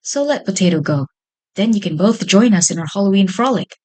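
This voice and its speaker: A woman's voice: medium pitch, animated, fairly quick, darkish tone, natural voice. A woman voicing a jolly, sly pumpkin who leads a gang of runaway vegetables and talks in a persuasive, coaxing way.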